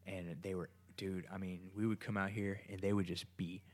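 A man's voice: sits low, level tone, moderate pace. A man casually telling a rambling, profane story in his home kitchen, often restarting his sentences.

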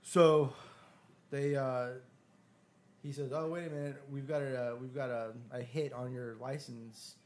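As a podcast guest, a man tells a long story in a relaxed way, his medium-pitched voice unhurried. He swears often and animatedly acts out the dialogue of the other people involved.

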